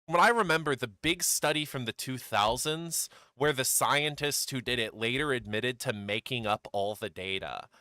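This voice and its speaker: A man's voice: mid-range voice, normal speed, few pauses, sharp tone, no room sound, studio quality. A male streamer chatting casually, loose and joking, cursing now and then. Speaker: streamer host. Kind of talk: casual chat.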